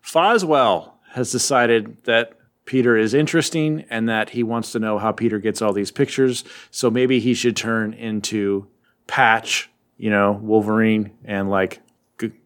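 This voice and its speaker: A man recaps a story in loose, rambling chat, his voice sitting in an ordinary middle register. He jumps in and out of quick character voices and keeps a playful, offhand tone. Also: mid-range voice. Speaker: podcast host recapping comics. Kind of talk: casual chat.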